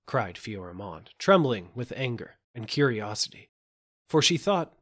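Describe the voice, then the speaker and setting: A man narrating a fairy tale audiobook in a measured, gentle storytelling manner. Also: mid-range voice, big pitch swings. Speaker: audiobook reader.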